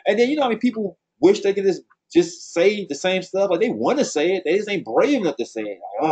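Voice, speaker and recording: Fast-talking husky man giving blunt advice. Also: sits high, sing-song, a little mellow. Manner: blunt, passionate, slangy. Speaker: team trainer. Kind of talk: motivational team talk. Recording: dull lo-fi sound.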